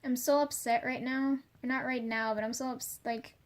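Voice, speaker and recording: A young woman with a fairly high voice, talking straight to the camera in a loose, rambling vlog rant. She swears freely and leans on fillers, restarting her thoughts as she goes. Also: fairly even intonation, moderate pace. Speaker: vlogger. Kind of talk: casual confessional rant.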